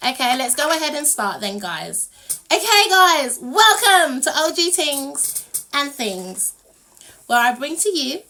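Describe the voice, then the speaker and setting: A bubbly British woman hosts a casual live stream, laughing often and humming filler tunes. Her voice is high and bright, with a lively, swooping melody. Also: measured pace. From United Kingdom. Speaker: livestream host.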